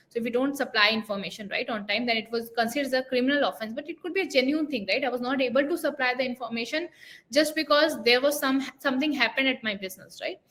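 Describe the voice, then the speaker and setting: A woman with an Indian English accent works through tax rules point by point in a somewhat high voice. She speaks as an expert explainer and keeps checking in with her listeners, tagging her points with a questioning "right?". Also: a bit bright. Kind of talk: explanatory talk.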